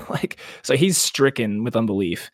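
Young male podcast co-host, casual, animated storyteller, dry mic. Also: mid-range voice, unhurried, no room sound. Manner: animated retelling, acts out quotes, laughs often. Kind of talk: casual book discussion.

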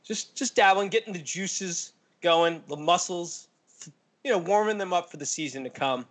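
A man's voice: sits high, moderate pace, fairly bright tone. A man hosting a casual podcast, blunt and joking with mild cursing. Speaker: podcast host. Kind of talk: casual chat.

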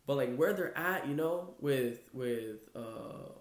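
A man's voice: medium pitch, expressive, takes it slowly. A man hosting a casual sports chat podcast, rambling loosely with lots of fillers and "bro.". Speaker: podcast host. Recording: echoey room.

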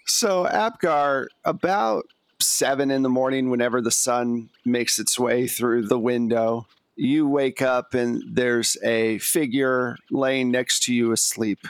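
A man's voice: medium pitch, clear, resonant tone, no echo. Man narrating a tabletop role-playing game. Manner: measured storytelling narration. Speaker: game master.

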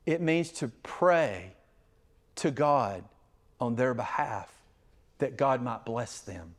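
Slow, earnest preacher man. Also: mid-range voice, expressive. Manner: earnest, emphatic, swings between loud stresses and quiet asides. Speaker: pastor. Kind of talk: expository sermon.

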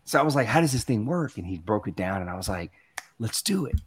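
A man's voice: fairly low pitch, expressive, quick pace, breathy edge. A man from the Southern United States, speaking as a guest in a conversational, motivational storytelling talk. He acts out the voices he quotes.

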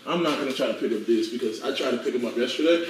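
A man's voice: medium pitch, rapid-fire, reverberant, background noise. A man, a guest athlete, chatting casually on a live stream from home, playfully coaxing his dogs. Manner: playful, calls and coaxes his dogs in rising tones.

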